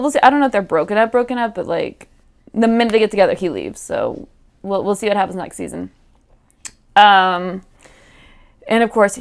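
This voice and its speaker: Chatty woman recapping a TV episode. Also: medium pitch. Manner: chatty, animated, talks to characters in quotes, many fillers. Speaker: reaction video host. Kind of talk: casual recap commentary.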